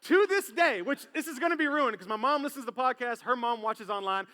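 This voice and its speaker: A man preaching from a church stage in a high, bright voice. He is animated and acts out the voices of the people in his story. His words ring with a long reverb through the hall. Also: quick pace. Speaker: pastor. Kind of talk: sermon with personal storytelling. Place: church sanctuary.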